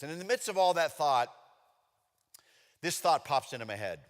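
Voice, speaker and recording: A middle-aged man delivers a sermon like he is telling a story to friends, bursting into loud, animated moments now and then. His tone is bright and forceful. The sound carries the long reverb of a church sanctuary. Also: a little high, normal speed. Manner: conversational storytelling with animated outbursts. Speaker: pastor.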